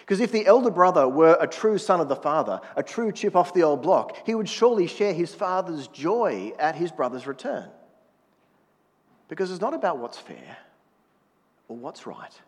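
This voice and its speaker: A man's voice: a little high, very animated, moderate pace, slightly rough, big-room sound. A man preaching a sermon in a conversational manner, prodding the congregation to answer back. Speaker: pastor.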